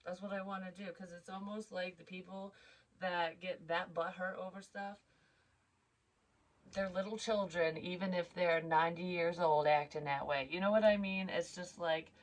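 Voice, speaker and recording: A woman's voice: on the low side, fairly even intonation, moderate pace, rough recording. A young woman vlogging as a psychic medium, telling a story in a candid, rambling way and swearing freely. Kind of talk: casual storytelling monologue.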